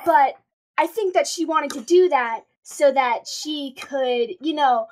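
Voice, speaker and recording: A nervous, stammering office worker, played by a woman. She keeps stopping to apologize in a high voice. This is an improvised voice role-play. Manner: halting, apologetic.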